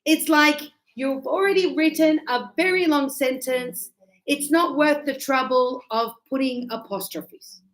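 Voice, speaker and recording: A woman teaching an English lesson to a live class in a chatty, playful way, checking in with quick questions. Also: sits high, reverberant, poor audio.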